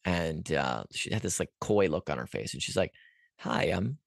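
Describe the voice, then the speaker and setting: A man's voice: very deep voice, normal speed, gravelly, no echo, studio quality. A man guest on a podcast, earnestly telling a personal story in a rambling way, with many restarts and fillers. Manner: earnest, animated at peaks.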